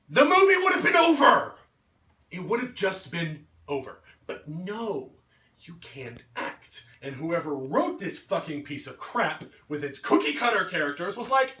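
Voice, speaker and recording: A man's voice: on the high side, very animated, unhurried, sharp tone. A man giving an angry, swearing rant about a movie, mocking characters in put-on voices. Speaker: vlogger. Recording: roomy echo, mic at a distance.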